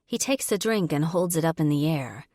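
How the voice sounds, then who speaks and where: Woman narrator, low voice, steady first-person romance read, dry close sound. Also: moderate pace, dry recording. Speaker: audiobook narrator.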